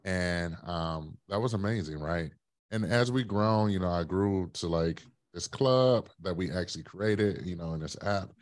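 Man, low voice, blunt and animated, a podcast guest telling stories. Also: unhurried. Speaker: podcast guest, running coach. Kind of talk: casual interview storytelling.

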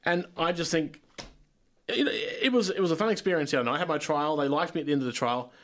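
A young man co-hosting a casual radio show, upbeat and fond of puns, telling stories in a relaxed way. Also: on the high side, fast. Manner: upbeat, punny, relaxed storytelling. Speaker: radio co-host. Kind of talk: casual community radio chat.

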